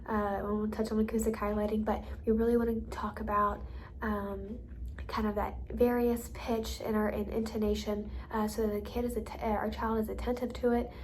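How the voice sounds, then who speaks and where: A woman's voice: mid-range voice, flat delivery, normal speed, darkish tone, a little hiss or hum. A woman teaching speech and listening strategies in a casual, explanatory way, with many ums and you-knows. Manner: chatty, many fillers like um and you know. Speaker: hearing therapy educator. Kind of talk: instructional explanation with modeled examples.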